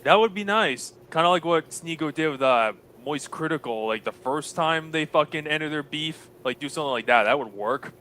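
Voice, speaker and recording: A man's voice: on the high side, lively intonation, moderate pace, few pauses, bright, forceful tone, a little hiss or hum. A man co-hosting a live stream, chatting loosely and crudely about a clip. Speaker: stream co-host. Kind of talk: casual reaction stream.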